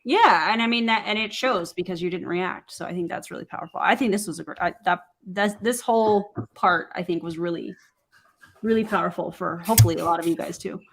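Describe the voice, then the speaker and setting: A woman encouraging a group member in a slow, halting way during a group call. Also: on the low side, a bit bright.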